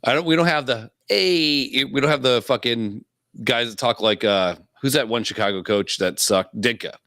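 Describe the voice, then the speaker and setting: A man's voice: mid-range voice, moderate pace, a bit bright, no room sound, studio quality. A man co-hosting a podcast, talking casually and swearing freely, with frequent chuckles. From Illinois. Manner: laid-back, profane, chuckles often. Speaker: podcast co-host.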